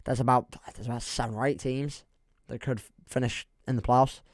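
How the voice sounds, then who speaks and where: A man's voice: medium pitch, fairly even intonation, fairly quick, no room sound, clean studio sound. A young man with an English accent chatting casually on a football livestream, rambling and laughing as he reads the chat. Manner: rambling, self-deprecating, reads chat aloud, laughs often.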